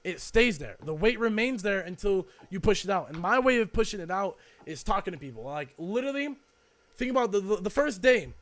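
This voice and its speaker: A man's voice: high-pitched, sing-song, fairly quick, a bit bright. A young man co-hosting a podcast, talking in a rambling, reflective way with lots of fillers. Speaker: podcast co-host. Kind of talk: casual chat.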